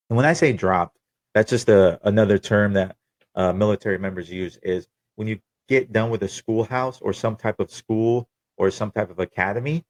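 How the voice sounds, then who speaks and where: A man's voice: low-pitched, creaky, darkish tone, no echo. A young man telling his own story on a podcast, candid, profane and wry. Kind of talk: casual personal storytelling.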